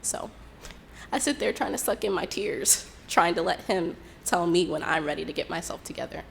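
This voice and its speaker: A young woman telling a personal story in an unhurried, reflective way, acting out what others said. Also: fairly low pitch, gravelly, a little hiss or hum. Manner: unhurried, reflective retelling with quoted dialogue.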